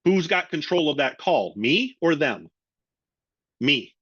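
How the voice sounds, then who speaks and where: A middle-aged man coaches salespeople in a lively webinar talk and keeps acting out both the caller and the customer in his own voice. The audio is dry and a little dull and lo-fi. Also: on the high side, takes it slowly, breathy edge, no room sound. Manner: animated, acts out both sides of sales calls. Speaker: sales trainer.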